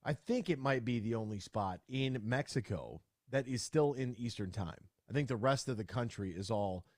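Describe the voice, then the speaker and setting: A man hosting a sports talk radio show, energetic and playful, bantering with a guest. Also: medium pitch, normal speed, no echo, studio quality. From Michigan. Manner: energetic, lively, playful with quoted voices. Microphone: studio radio mic.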